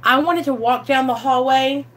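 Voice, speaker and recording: Bright-voiced woman telling her story. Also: high voice, normal speed. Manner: animated, acts out quotes, swears freely. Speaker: vlogger sharing recovery story. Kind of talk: candid storytelling to camera.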